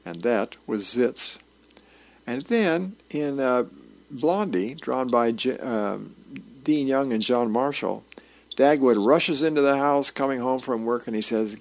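A man with a medium-pitched, animated voice volunteers for a radio reading service, reading newspaper columns and comic strips aloud. His delivery is easygoing, unhurried, and homey, with the odd small filler and restart.

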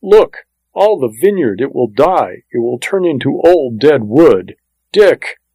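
A man's voice: medium pitch, unhurried, darkish tone, dry recording, rough recording. A man voicing a folksy desert farmer. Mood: pleading. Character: weathered male desert vineyard farmer, easygoing. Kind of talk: audiobook character reading.

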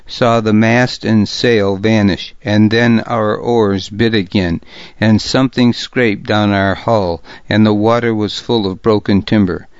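Guy reading an audiobook real slow, low-ish voice, kinda dull muffled sound. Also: no room sound. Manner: measured, deliberate, gravely serious reading. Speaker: audiobook narrator. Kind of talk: scripted first-person narration of a historical novel.

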